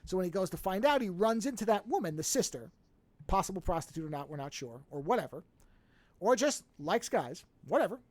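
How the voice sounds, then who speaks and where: A podcast co-host rattling through a film plot in casual chat, piling on asides. The pitch sits in the middle, and the recording is close and dry with no room sound. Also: dry recording. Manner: rambling, animated retelling with quick asides.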